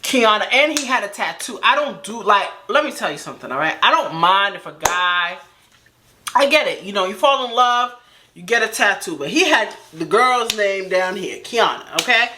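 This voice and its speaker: A woman's voice: mid-range voice, expressive, moderate pace, noisy background. A woman vlogger telling a personal story in casual, slangy chat, full of asides and rhetorical questions.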